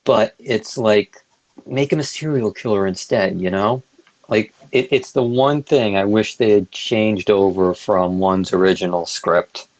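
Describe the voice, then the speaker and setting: A man's voice: on the low side, unhurried, poor audio. A man co-hosting a podcast, joking in casual banter and cutting in over the others. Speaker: podcast co-host.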